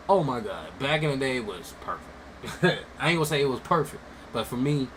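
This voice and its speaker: A man rants in blunt, mocking commentary, jumping from loud outbursts to low mutters. His voice sits mid-range. A steady air conditioner hum runs clearly under the recording. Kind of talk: casual ranting commentary.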